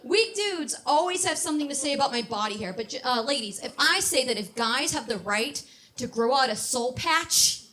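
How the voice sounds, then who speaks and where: A woman's voice: high voice, normal speed, bright, forceful tone. A woman in her thirties doing a brash stand-up comedy set on a club stage, laughing at her own jokes. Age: 30s.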